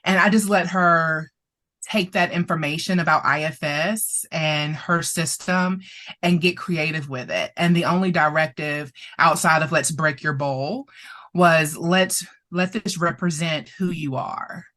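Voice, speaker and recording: A low-pitched, bright, forceful voice belongs to a woman therapist who is a guest telling an animated story in conversation at a measured pace. Her tone stays steady even as she laughs often and gets emotional.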